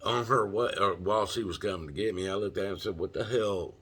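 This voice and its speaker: A man's voice: deep voice, quick pace, bright, forceful tone, husky. A man with a Southern US accent telling a rambling personal story, chuckling and swearing as he goes. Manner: rambling, laughs mid-sentence, swears freely. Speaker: storyteller host. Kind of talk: casual storytelling monologue.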